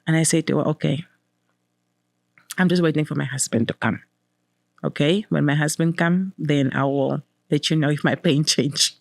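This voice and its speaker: A woman's voice: low-pitched, no echo. A woman in her thirties, a guest telling her personal story with emotion and repeating words for emphasis.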